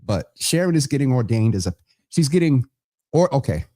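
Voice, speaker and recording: A man's voice: medium pitch, sing-song, normal speed, dark tone, no echo, studio quality. A man hosting a live online show, making casual announcements to viewers in a chatty, rambling way, correcting himself as he goes.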